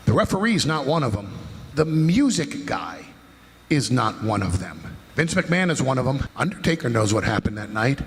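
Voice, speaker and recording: A man delivering a dramatic wrestling promo, posing slow, brooding rhetorical questions and sometimes dropping to a whisper. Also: mid-range voice, sing-song. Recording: long hall reverb.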